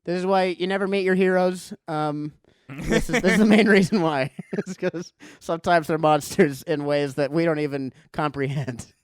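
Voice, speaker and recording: A man co-hosting a comedy podcast, trading deadpan jokes and laughing often. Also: fairly high pitch, clean tone, no room sound, studio quality. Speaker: podcast co-host. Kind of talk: casual comedic banter.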